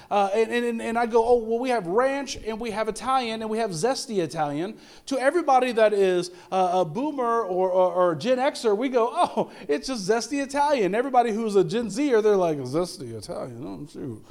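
Middle-aged male pastor, fairly high voice, chatty sermon delivery, rhetorical questions, frequent restarts. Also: darkish tone. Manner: conversational preaching with repeated rhetorical questions and stammered restarts.

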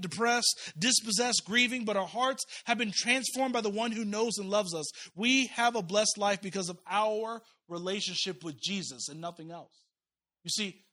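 A male pastor in his thirties delivering a sermon. His voice sits high and rings bright. He slips into voiced quotes and asides as he tells stories to the congregation.

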